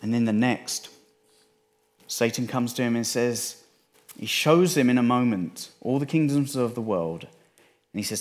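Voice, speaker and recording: A man with an English accent, a pastor delivering a sermon in a conversational way, often dropping his voice low for emphasis. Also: measured pace. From England. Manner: conversational, restarts phrases, dips quiet for emphasis.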